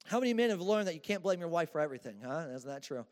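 A man's voice: fairly high pitch, very animated, racing, a little mellow. A man preaching a sermon in a church, casual and joking with slang. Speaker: pastor. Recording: echoey church hall.

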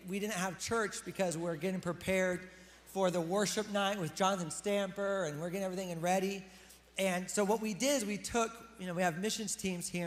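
Youngish-sounding dude pastor, high voice, chatty sermon to the crowd, echoey church hall. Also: male voice. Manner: casual, chatty, addressing the congregation directly. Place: church hall with a live congregation.

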